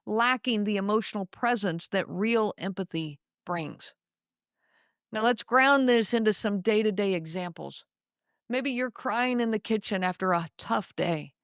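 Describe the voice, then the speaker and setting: A woman hosting a podcast, talking in a measured, explanatory monologue and slowing down to stress key words. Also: mid-range voice, fairly bright tone, clean tone, no echo, clean studio sound. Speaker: podcast host.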